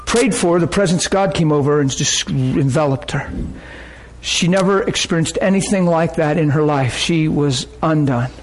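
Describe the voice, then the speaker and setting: A male pastor telling stories in a sermon, animated, acting out the people he quotes and breaking into high cries when excited. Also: moderate pace, a little hiss or hum. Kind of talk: sermon storytelling.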